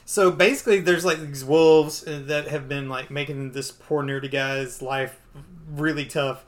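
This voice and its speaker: A man's voice: a little high, steady tone, measured pace. A man co-hosting a podcast, casually retelling a comic book story. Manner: casual, filler-heavy, playful. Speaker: podcast co-host.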